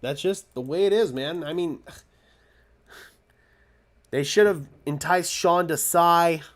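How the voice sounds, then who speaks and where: A man calls a football game play by play as a fan, his voice sitting a little high for a man. He sounds exasperated, venting about his team's defense between plays. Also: takes it slowly. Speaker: fan commentator. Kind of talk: live play-by-play fan commentary.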